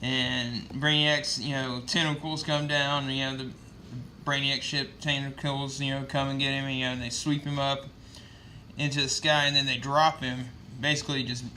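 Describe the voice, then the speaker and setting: A man's voice: mid-range voice, little pitch movement, normal speed, bright, forceful tone, slight background noise. A man casually recapping a comic book issue with loose, profane storytelling and lots of fillers.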